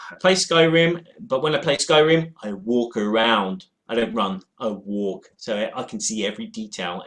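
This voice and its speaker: A man's voice: mid-range voice, a bit bright. Guy rambling into his webcam at home, lots of ums and restarts, just chatting to viewers. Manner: rambling and hesitant, with many fillers and restarts. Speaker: board game vlogger. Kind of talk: casual chat answering viewer questions. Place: at home in front of a game shelf.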